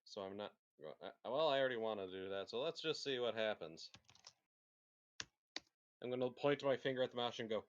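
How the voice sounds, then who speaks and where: A man's voice: medium pitch, a little fast, long pauses, highs cut off. A man playing a tabletop game, thinking aloud and hesitating over his moves.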